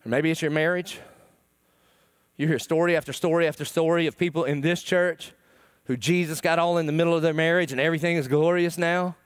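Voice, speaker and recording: A middle-aged man delivers a sermon in a fairly high, crisp, resonant voice. His delivery is emotional, rising to loud pleading and falling to near-whispers. The sound is close and dry. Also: steady tone, a little fast, dry recording. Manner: emotional, swings between loud pleading and hushed tones. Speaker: pastor. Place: church.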